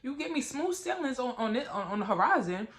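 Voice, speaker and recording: A woman, chatting to camera in a blunt, profane, animated way and often asking "you get what I'm saying?". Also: sits high, a little fast. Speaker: vlogger. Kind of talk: casual chat to camera.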